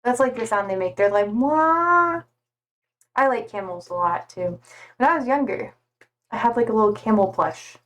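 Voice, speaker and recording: A woman chatting casually on a live stream, playful and giggly. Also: medium pitch. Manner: giggly and playful, slow drawn-out talk.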